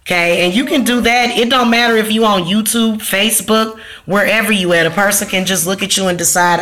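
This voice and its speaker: A woman's voice: medium pitch, brisk, fairly bright tone. A woman vlogger, talking casually and bluntly to her viewers, cursing and ranting. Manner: blunt, profane, ranting, slangy. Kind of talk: casual talk to camera.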